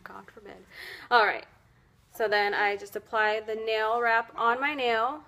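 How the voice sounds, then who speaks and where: Bright, chatty woman demonstrating nails. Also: a little high, fairly even intonation, a little slow, a little hiss or hum. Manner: chatty, rambling, many fillers and self-corrections; laughs often at herself. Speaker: nail wrap seller demonstrating at home. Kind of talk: casual how-to tutorial.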